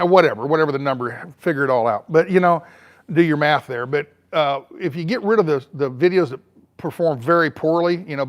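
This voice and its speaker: Rambling older man chatting outdoors. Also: on the high side. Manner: rambling, drawling, lots of uh fillers. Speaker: vlogger reading live chat. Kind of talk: casual live-stream chat.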